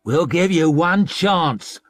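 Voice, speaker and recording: Man voicing a shouting rioter, raised pitch, rough, threatening, dry close sound. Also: expressive, slow, no echo. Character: angry rioting working men, barking orders.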